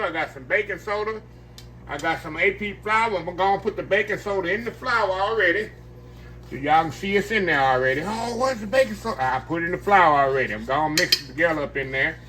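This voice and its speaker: A man's voice: high-pitched, pushed and bright, slight background noise. An older man hosting a casual home cooking video, chatting folksy with viewers as he works in his kitchen. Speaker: home cooking channel host.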